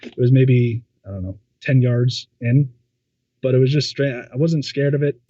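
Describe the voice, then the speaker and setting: A man telling a personal story in a casual, halting way, often stammering and repeating words with many fillers. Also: medium pitch, steady tone, mellow, dry recording. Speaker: podcast guest. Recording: dull lo-fi sound.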